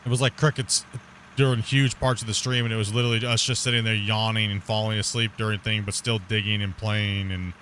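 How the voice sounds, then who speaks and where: A man's voice: fairly low pitch, flat delivery, brisk, a bit bright, a little hiss or hum. A man chatting casually while streaming live gameplay, rambling, laughing often and swearing casually.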